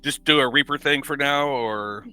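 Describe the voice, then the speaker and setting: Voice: mid-range voice, normal speed, pushed and bright, smooth, faint music behind. A player in a casual tabletop game, bantering playfully about their character.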